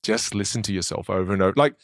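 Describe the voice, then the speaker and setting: A man in casual podcast chat, explaining things in an animated way and acting out people's reactions. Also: on the low side, racing, no room sound, clean studio sound.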